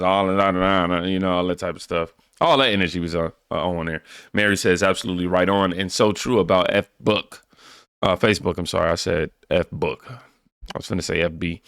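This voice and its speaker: A man hosting a reaction channel, reading viewer comments in a relaxed, joking way and stumbling over words now and then. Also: deep voice, moderate pace, smooth, dry recording, clean studio sound.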